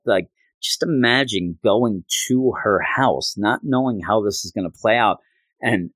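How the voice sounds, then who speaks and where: Male podcast host, earnest rambling comic recap, low pitch, dry close sound. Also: fairly bright tone, no room sound. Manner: earnest, rambling, many fillers.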